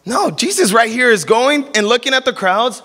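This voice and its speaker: A man preaches a sermon with an animated delivery, slipping into the voices of the people he quotes. His voice is high and bright. The sound carries a long reverb from a church hall. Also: normal speed.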